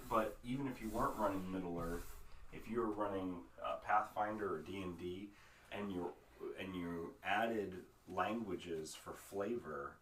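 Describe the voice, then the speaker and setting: A male podcast host asking questions in a casual interview, enthusiastic and quick to put himself down. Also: deep voice, fairly bright tone. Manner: prompting questions, enthusiastic and self-deprecating. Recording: roomy, distant mic with faint noise.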